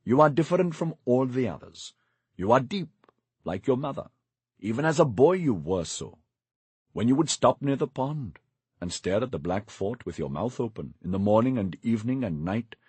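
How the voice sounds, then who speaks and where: Scheming old grandmother figure in an audiobook, coaxing and bossy, read by a man; husky, animated delivery. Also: medium pitch, normal speed, dry recording.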